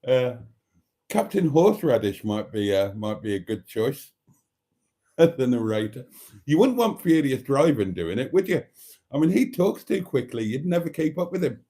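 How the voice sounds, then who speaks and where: A man's voice: mid-range voice, sing-song, normal speed, warm tone. A middle-aged man hosting a casual livestream, reading out viewer comments and often breaking into laughter. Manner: giggly, keeps breaking into laughter. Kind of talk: casual live chat.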